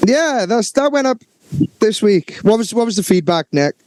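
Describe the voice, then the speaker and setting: A man's voice: high voice, big pitch swings, a little mellow. A man co-hosting a podcast, trading crude jokes and mockery in casual banter. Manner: mocking, swearing, quick jokes. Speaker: podcast co-host. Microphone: studio dynamic mic.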